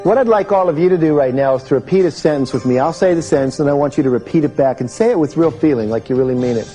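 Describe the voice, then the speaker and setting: A man's voice: a little high, quick pace, warm tone, soft background music, poor audio. A man giving a live self-help seminar to a room full of people, talking conversationally and asking the audience questions. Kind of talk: live motivational seminar talk.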